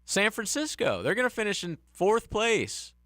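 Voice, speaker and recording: A man's voice: high voice, big pitch swings, moderate pace, a bit bright, no room sound, studio quality. A man co-hosting sports talk radio, chatting emphatically and incredulously. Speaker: radio co-host.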